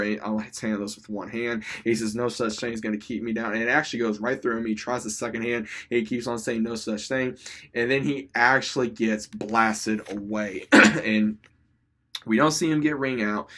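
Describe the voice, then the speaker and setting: A young man casually retelling an episode as its reviewer, enthusiastic, rambling, with many restarts and constant "he says". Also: lowish voice. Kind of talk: casual recap.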